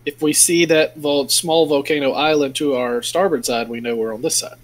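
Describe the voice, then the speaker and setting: Higher-voiced man playing a tabletop game. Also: fairly even intonation, moderate pace. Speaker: player.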